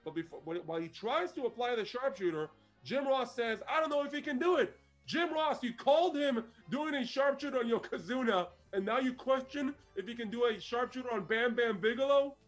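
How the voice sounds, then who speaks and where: A man with a high voice co-hosts a casual review podcast. He recounts events in an animated way and laughs often, with faint music playing behind him. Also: fairly quick, few pauses. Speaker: podcast co-host. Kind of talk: casual chat reviewing a wrestling show.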